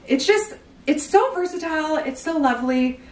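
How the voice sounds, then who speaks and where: A bubbly woman with a high voice chats her way through a clothing try-on haul, full of slang and filler words. She stands a little back from the mic in an echoey room. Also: animated, moderate pace, recorded from a distance. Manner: bubbly, chatty, heavy use of "like" and slang. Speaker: clothing store owner showing new stock.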